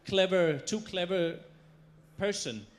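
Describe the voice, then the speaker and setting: Guy doing a stage talk, kinda high voice, tells stories with lots of punch and humor. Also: lively intonation, slow pace. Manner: storytelling, emphatic, playful. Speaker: chef giving a stage talk. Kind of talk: stage presentation. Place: stage before a live audience.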